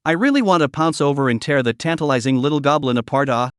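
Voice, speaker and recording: A man's voice: a little high, fast talker, clear, resonant tone, no echo, studio quality, natural voice. A man voicing a vicious, lustful male hellhound monster in a storybook-style recap, in a plain reading voice. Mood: craving.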